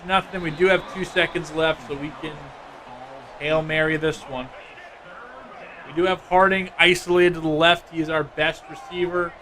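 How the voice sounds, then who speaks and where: A man streaming a football video game, giving casual, excitable play-by-play and chatting with viewers. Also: a little high, slight background noise. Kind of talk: live gameplay commentary.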